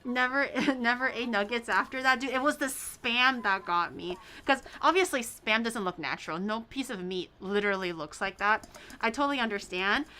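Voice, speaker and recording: A woman's voice: fairly high pitch, moderate pace, sharp tone, slight background noise. A woman hosting a baking video, chatting casually and rambling through stories with the odd swear. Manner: rambling storyteller, swears casually, many fillers. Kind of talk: casual chat while baking.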